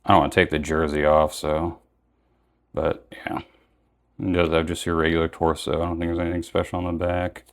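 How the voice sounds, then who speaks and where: Deep-voiced young man reviewing toys. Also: flat delivery, a little fast. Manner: rambling, self-correcting. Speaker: action figure reviewer. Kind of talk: casual unboxing commentary.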